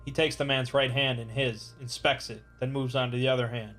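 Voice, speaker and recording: A man playing a video game and reading its dialogue and narration aloud in a dry, deadpan way. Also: medium pitch, brisk, faint music behind. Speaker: let's play narrator.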